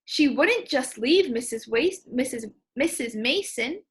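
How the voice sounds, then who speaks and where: A woman's voice: high voice, expressive, normal speed, a bit bright. A woman voicing an anxious, earnest young boy in a children's storybook. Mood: worried. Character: worried young boy, Jamal.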